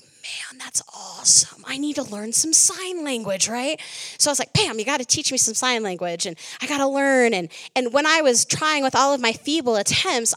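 A middle-aged woman preaching a sermon, telling a lively story and quoting herself with animated jumps in her voice. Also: on the high side, dry recording.

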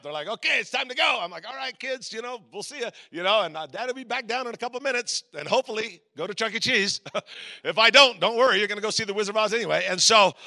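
A man in his forties, a pastor telling a story in a sermon, acting out voices with sudden shouts. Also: high voice, creaky.

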